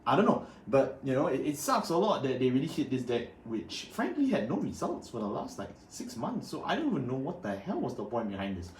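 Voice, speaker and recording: A man's voice: medium pitch, wildly swooping pitch, brisk, hardly any pauses, a little hiss or hum. A man hosting a card game channel, ranting in a sarcastic, exasperated way about a new ban list. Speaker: card game content creator. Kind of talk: ranting deck commentary to camera. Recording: echoey room with faint ambience.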